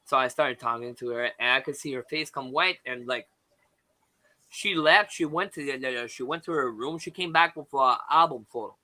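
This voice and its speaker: A man, a guest on a live panel, telling a personal story in a halting way with many restarts and fillers. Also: medium pitch, bright, forceful tone, low-quality recording.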